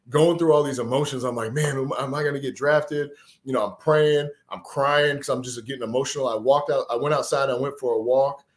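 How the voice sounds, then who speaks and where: Earnest storytelling man from Texas. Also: mid-range voice. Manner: animated, earnest, emotional storyteller. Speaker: podcast guest, former pro football player. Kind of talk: conversational storytelling.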